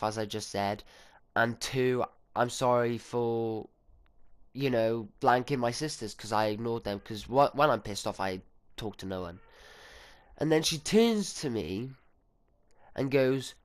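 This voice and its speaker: Teen lad, storytime vlogger, clear smooth voice, mid pitch, casual and sweary. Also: male voice, a little slow. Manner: sweary, chatty, full of fillers and quoted dialogue.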